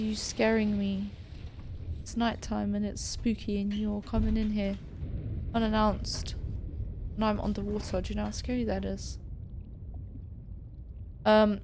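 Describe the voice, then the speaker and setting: Jumpy and talkative, a young gaming streamer narrates a scary game casually, speaking to creatures she runs into and screaming at frights. Her voice is medium-pitched and a little mellow, and there's a little hiss or hum in the recording.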